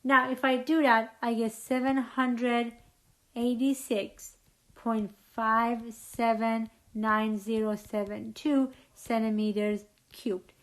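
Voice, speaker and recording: A woman's voice: fairly high pitch, flat delivery, slow. A woman teaching a chemistry lecture, asking questions and repeating key points for students. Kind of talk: recorded lecture.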